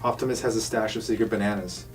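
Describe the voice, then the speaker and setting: A man's voice: lowish voice, fairly even intonation, fast talker. A man co-hosts a laid-back episode review, chiming in with short, dry jokes. He is recorded from a distance, and faint music sits behind him. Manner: dry wisecracks and short interjections. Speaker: podcast co-host. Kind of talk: casual episode review chat.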